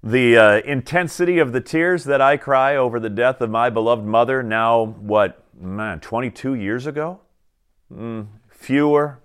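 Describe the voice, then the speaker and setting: A man's voice: fairly low pitch, clear, resonant tone. Reflective middle-aged male pastor. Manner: reflective, pausing to let points land. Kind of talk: sermon.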